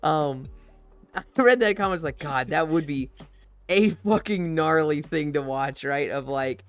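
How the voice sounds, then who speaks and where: A man streams live and chats casually in a clean-toned voice on the high side, speaking unhurriedly. He tells stories in a profane, animated way, acting out the voices of the people he quotes.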